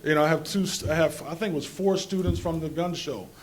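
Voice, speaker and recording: A man speaks on a conference panel with a fairly high voice. He talks informally and rambles, often restarting his sentences and chuckling between them. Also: fast, a little hiss or hum. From New Jersey. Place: conference hall.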